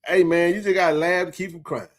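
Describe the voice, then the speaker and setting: A man's voice: high-pitched, fast talker. Joking man in his forties hosting. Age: 40s. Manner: joking, animated, talks to chat readers. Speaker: sports talk stream host. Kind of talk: casual live-stream chat.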